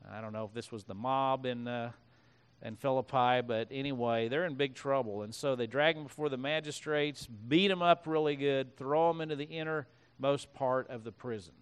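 Smooth-voiced male pastor preaching. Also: medium pitch, normal speed. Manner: conversational preaching with asides and restarts; reads scripture aloud. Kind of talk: sermon.

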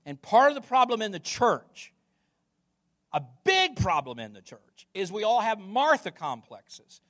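A male pastor preaching with a high voice that swings widely in pitch. He is emphatic, doubles back on his words, and fires questions at the listeners. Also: fairly bright tone. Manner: emphatic, repeats words, asks the congregation questions. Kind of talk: sermon.

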